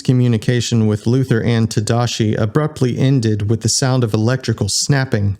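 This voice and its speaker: A man reading a science fiction audiobook as its narrator, in an even storytelling delivery. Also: mid-range voice, normal speed, hardly any pauses. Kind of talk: scripted narration.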